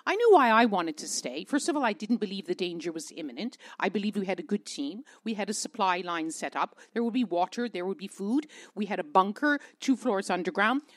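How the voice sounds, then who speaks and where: A Canadian woman journalist telling stories on a panel, expressive, repeating words for emphasis. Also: medium pitch, fairly quick, hardly any pauses. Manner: expressive, repeats words, acts out quoted voices. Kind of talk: animated storytelling on a panel.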